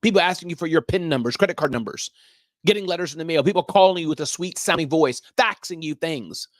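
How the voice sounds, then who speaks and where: A man's voice: a little high, fast talker, no room sound, studio quality. A middle-aged man hosting a live business show, riffing energetically and giving emphatic warnings. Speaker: show host.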